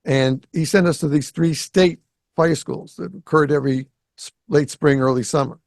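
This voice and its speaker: A little high and creaky, this man's voice moves at normal speed as he hosts a podcast from his South Florida home. Originally from Greater Boston, he tells a casual story and animatedly acts out quoted dialogue. The recording is dry.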